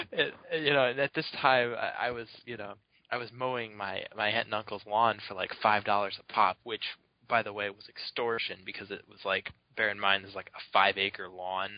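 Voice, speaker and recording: A man with a lowish voice chats casually on a podcast, rambling through an anecdote with frequent "like"s and chuckles. The recording is dry and slightly muffled, lo-fi in quality. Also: little pitch movement, normal speed, no echo. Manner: rambling, many "like" fillers, laughs often. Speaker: podcast co-host. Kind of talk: casual chat, telling anecdotes.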